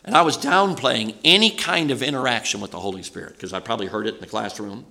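Bright-voiced older man preaching. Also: mid-range voice, quick pace, vocal fry. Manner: folksy, rambling with restarts and asides, asks the audience questions. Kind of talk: sermon.

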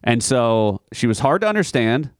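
In casual podcast chat, a male co-host tells wandering, swear-filled stories, laughing all the while. He speaks at a normal speed with a medium pitch that swings widely. The recording is studio quality with no room sound.

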